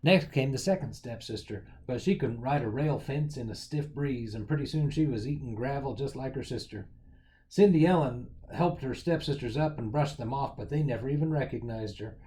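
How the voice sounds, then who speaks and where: A man reading a picture book aloud as a storyteller, with lively, expressive storytelling. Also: medium pitch, moderate pace, poor audio.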